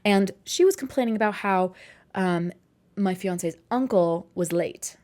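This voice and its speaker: A woman's voice: medium pitch, unhurried, darkish tone. A young woman in her twenties telling a personal story in a casual vlog, chatty and rambling, with asides and self-corrections. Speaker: vlogger.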